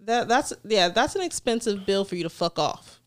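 A woman co-hosting a podcast, chatting casually and arguing her point in quick back-and-forth. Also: mid-range voice, expressive. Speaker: podcast co-host. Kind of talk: casual chat.

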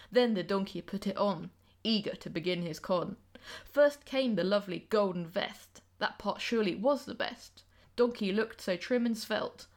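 A young woman, a podcast host, reading her own rhyming poem aloud with playful, sing-song storytelling. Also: medium pitch. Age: young adult.

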